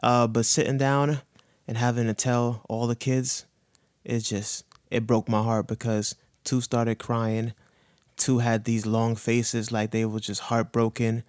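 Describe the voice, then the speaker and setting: A man in his thirties speaks earnestly and with feeling, choked up at times, heavy on slang and cursing. His voice sits at a middle pitch. The recording is dry and close with no room sound. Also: level tone, measured pace, darkish tone, dry recording. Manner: earnest, emotional, urges listeners with slang and profanity. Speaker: guest sharing his cancer diagnosis. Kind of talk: candid podcast conversation.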